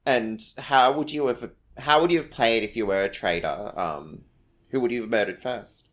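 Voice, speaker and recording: A man's voice: medium pitch, normal speed, a bit bright. A man co-hosting a podcast, asking questions playfully and laughing a lot. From Australia. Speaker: podcast co-host. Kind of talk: casual podcast interview.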